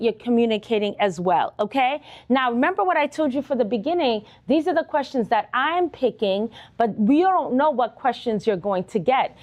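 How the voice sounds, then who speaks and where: A woman nursing instructor teaching a live online exam-prep lesson, talking straight to her students and often checking in with "okay?". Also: high-pitched. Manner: animated, talks to students directly, frequent "okay?" checks.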